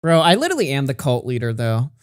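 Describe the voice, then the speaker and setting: Lively young man riffing on stream. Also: medium pitch, quick pace, no room sound, clean studio sound. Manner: reads messages aloud with mocking asides and frequent laughter. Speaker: commentary streamer. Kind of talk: casual livestream commentary.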